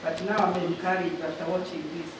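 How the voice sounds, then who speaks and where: A woman's voice: lowish voice, little pitch movement. A woman from Kenya, an audience member, telling a personal story in a hesitant, heartfelt way. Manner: hesitant, heartfelt, halting restarts. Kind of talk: spontaneous personal sharing. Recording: echoey hall, distant, background noise.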